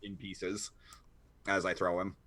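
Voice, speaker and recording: A man's voice: low-pitched, flat delivery, a little slow, bright, forceful tone. A man playing in a tabletop role-playing game, talking casually and easygoing about his character's actions. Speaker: player.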